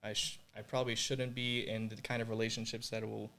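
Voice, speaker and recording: A man's voice: on the low side, level tone, brisk, pushed and bright. A young man from Puerto Rico telling his personal faith story as a podcast guest, earnest and emotional, full of "like" and "you know".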